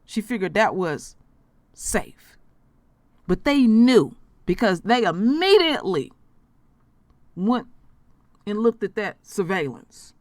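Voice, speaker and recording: A woman's voice: mid-range voice, sing-song, slow pace, long pauses, no echo, clean studio sound. A woman vlogger giving emotional commentary in a blunt, emphatic way, swearing freely.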